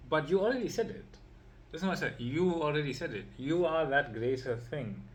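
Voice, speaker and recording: A man's voice: a little high, animated, a little fast. A man teaching as an empowerment coach in an informal, rambling way. He repeats himself, keeps checking in with "right?" and "you see", and chuckles now and then while he draws with a pen.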